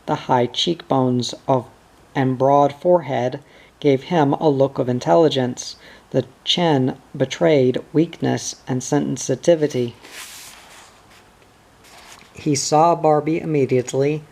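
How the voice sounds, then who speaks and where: A reader narrating a novel aloud in a steady, unhurried manner. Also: medium pitch, gravelly. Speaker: audiobook reader.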